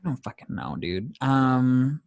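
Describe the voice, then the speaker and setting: A man's voice: medium pitch, lively intonation, unhurried, gravelly, slight background noise. A young man from Canada, a drag queen guest chatting on a podcast, giggly and gossipy with freely dropped swear words. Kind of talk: casual chat.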